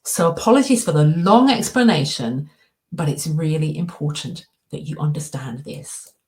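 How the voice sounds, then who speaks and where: In a deep, slightly mellow voice at a moderate pace, a middle-aged anxiety coach and speaker tells a story. She's giving a coaching presentation with slides and acts out her inner dialogue.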